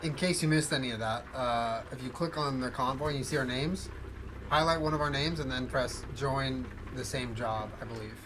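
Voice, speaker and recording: A man's voice: medium pitch, moderate pace, background noise. A man streaming a trucking game, chatting casually with viewers and friends in trucker radio lingo. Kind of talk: casual gaming stream chat.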